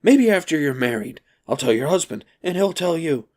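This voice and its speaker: A man's voice: a little high, sing-song, moderate pace, darkish tone, voice pushed up. A man reading aloud, voicing a thin, crouched old grandfather who wheezes and grates with mischievous glee. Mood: amused. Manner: wheezy, grating, chuckling.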